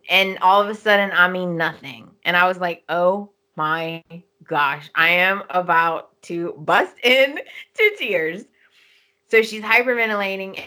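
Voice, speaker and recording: A podcast co-host with a mid-range voice retells a soap opera's plot at length. She sounds animated and casual.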